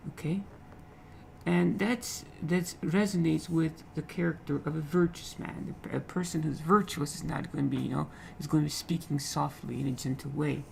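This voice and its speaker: A man's voice: a little high, fairly even intonation, normal speed, vocal fry, darkish tone, slight background noise, low-quality recording. A man teaching literature, explaining a poem line by line, repeating phrases and often checking in with "okay?".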